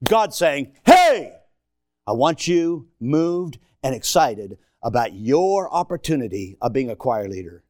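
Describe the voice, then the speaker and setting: A middle-aged man preaching a sermon in a church, swinging from shouted emphasis to hushed asides and joking with the congregation. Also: mid-range voice, animated, unhurried, hardly any pauses, dry recording, clean studio sound. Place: church sanctuary.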